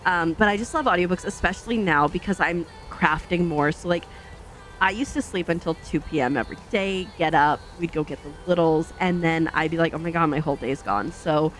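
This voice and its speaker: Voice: mid-range voice, brisk, fairly bright tone. A gaming channel host chatting casually while driving in a truck game, rambling with many fillers and self-corrections and acting out past thoughts in quoted asides.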